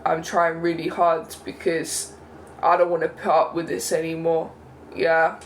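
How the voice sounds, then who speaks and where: Young man, high voice, indignant vlog rant, faint background hiss. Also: monotone, unhurried, low-quality recording. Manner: indignant, repeats "yeah?" and "right?". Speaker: vlogger. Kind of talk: casual monologue rant.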